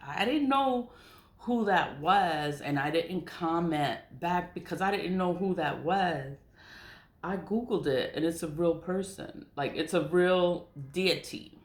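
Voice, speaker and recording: A woman's voice: fairly low pitch, takes it slowly. A middle-aged woman talking casually to her camera, blunt and profane, laughing often. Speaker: spiritual vlogger. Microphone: camera mic. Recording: echoey room with faint noise.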